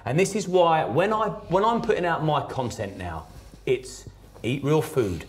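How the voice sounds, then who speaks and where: Man, podcast guest, blunt and sweary, emphatic storytelling, slightly higher voice. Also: animated, measured pace, a little hiss or hum. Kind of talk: personal storytelling in conversation.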